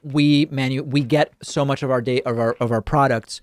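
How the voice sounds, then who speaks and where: A man hosting a call-in talk show, giving reasoned, even-handed political commentary. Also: medium pitch, moderate pace, no echo. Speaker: talk show host taking calls.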